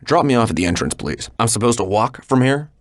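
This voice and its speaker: Man voicing a gruff cab passenger, blunt, lively pitch, grumbling, video game. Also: brisk, dry recording, clean studio sound, close to an everyday voice. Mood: impatient. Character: gruff, impatient male taxi passenger. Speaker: taxi passenger.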